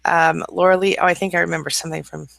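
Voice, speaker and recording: A woman's voice: fairly low pitch, level tone, quick pace, creaky, fairly bright tone, no room sound. A woman hosting a casual live-stream hangout, greeting viewers by name and reading their comments aloud. She says she is a little tired this morning. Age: adult with school-age children.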